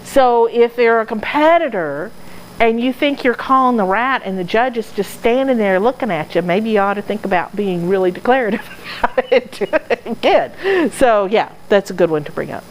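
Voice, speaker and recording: A woman's voice: a little high, animated, moderate pace, a little hiss or hum, rough recording. A woman answering audience questions in casual talk, earnest and explanatory, now and then laughing at herself. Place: dog training club hall.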